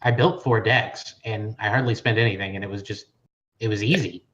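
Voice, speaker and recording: A man guesting on a casual gaming podcast, relaxed and brief in his replies. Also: on the low side, a little fast. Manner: relaxed, brief, laughs easily. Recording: dull lo-fi line with faint noise.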